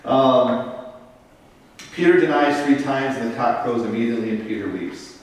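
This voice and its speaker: This parish priest speaks at normal speed in a mid-range voice, far from the microphone in an echoey parish meeting room. His Bible study teaching is casual and step by step, punctuated by frequent "Okay?" check-ins with the group.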